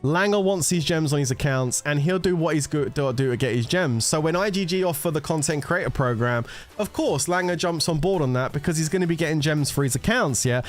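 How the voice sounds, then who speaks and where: Brief: gaming streamer, slightly high voice, sweary rambling rant, faint music underneath. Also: male voice, brisk, few pauses. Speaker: gaming content creator.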